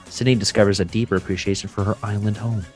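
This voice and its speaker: Fast-talking low-voiced joking man. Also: steady tone, darkish tone, soft background music. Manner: quick, joking, reads text aloud. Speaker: co-host. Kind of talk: casual group chat.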